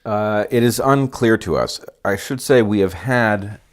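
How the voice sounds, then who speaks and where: A man, a former professor and guest on a podcast, answering in a deliberate, articulate way. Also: fairly low pitch. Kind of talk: interview answers.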